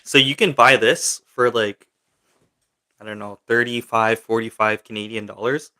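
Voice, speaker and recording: A young man hosts a relaxed livestream, reading viewer questions aloud and answering them in a loose, rambling way full of filler words. His voice sits on the lower side, with a bright, forceful edge. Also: normal speed. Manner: chatty and rambling, many fillers, reads chat questions aloud. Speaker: livestream host. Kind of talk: casual livestream chat, answering viewer comments.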